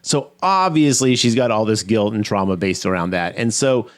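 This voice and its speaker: A man's voice: fairly low pitch, normal speed. A man co-hosting a podcast, chatting casually and rambling as he recaps movie scenes. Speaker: podcast co-host.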